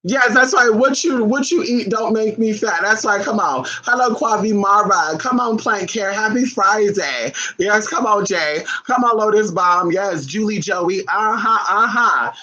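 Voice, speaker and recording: A man giving spiritual advice on a casual livestream, blunt, profane and animated as he acts out his viewers' questions. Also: sits high, unhurried, few pauses, highs cut off.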